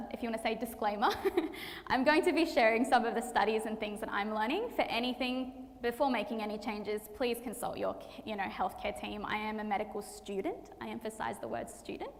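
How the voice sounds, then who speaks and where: A young woman, a medical student, giving a chatty health talk to an audience, laughing easily and using many fillers. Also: on the high side. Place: church hall. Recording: reverberant hall.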